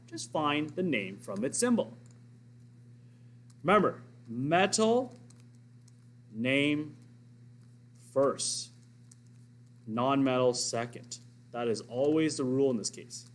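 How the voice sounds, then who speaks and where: A man teaching a recorded science lesson, explaining step by step and asking and answering his own questions. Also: medium pitch.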